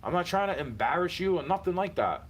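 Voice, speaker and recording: A man's voice: high-pitched, very animated, quick pace, slightly rough, poor audio. A man venting in a heated, repetitive personal rant, speaking straight at someone he is fed up with and swearing often. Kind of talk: frustrated personal rant to camera.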